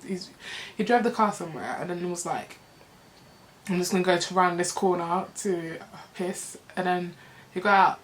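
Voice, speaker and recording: Young woman telling a rambling story. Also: lowish voice. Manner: rambling, animated storytelling with frequent "like". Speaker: vlogger. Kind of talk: storytime vlog.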